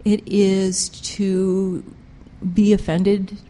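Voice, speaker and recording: A woman preaching a sermon with passion, pressing her points hard and swinging between loud emphasis and quiet intensity. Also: mid-range voice, unhurried, big-room sound. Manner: impassioned, emphatic, rises and drops sharply in loudness.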